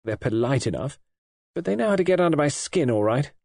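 A man's voice: on the high side, sing-song, brisk, vocal fry, darkish tone, dry recording, voice pushed up, exaggerated voice. A man reading an audiobook and voicing a petulant, spoiled young wife in a coaxing, sulky, lightly raised voice. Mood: resentful.

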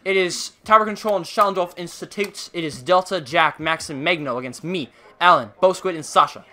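A man's voice: a little high, brisk, bright, forceful tone. A man giving playful, goofy running commentary while livestreaming a game. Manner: playful and goofy, hyped exclamations. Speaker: gaming streamer. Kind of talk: casual gaming livestream commentary.

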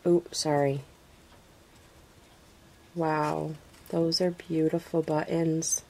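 Slow, mellow woman gushing to camera. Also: deep voice, flat delivery. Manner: gushing, exclaiming, with gasps and soft breathy asides. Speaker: craft vlogger. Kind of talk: casual unboxing chat to camera.

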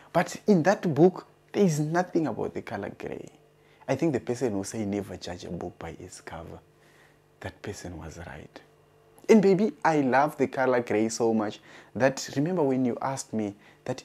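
Male stand-up comic; mellow, slightly husky, deadpan storyteller. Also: mid-range voice, moderate pace. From Zimbabwe. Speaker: stand-up comedian. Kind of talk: stand-up comedy.

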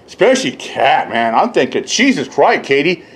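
A man ranting casually and profanely, rambling and mocking others, often laughing and mimicking them in high voices. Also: big pitch swings, normal speed, slightly rough. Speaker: YouTube commentator. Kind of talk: casual rant.

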